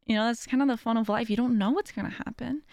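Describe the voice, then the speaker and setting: Her voice is slightly high, gravelly and darkish, and she speaks very quickly. This young podcast host chats casually about personal matters, putting herself down, laughing frequently, and imitating what others said. The sound is dry and studio-clean.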